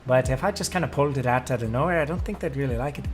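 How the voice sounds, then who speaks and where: An American man casually chatting on a live stream, swearing often and ranting loudly when worked up. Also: mid-range voice, soft background music. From United States. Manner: profane, ranting, gets loud and drawn-out when worked up.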